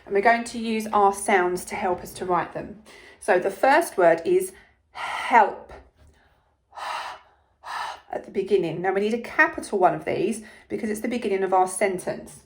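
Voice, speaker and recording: Speaking in a mid-range voice with an English accent, this primary school teacher takes young children through phonics. She sounds out each letter slowly and clearly and encourages them generously.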